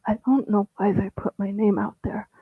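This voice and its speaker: A man reading his own first-person story in a halting, stammering way, with frequent restarts and moments where he drops to a whisper. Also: high voice, steady tone, creaky, breathy edge, no room sound. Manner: drops into an unvoiced whisper at times. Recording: tinny phone-like audio, dry.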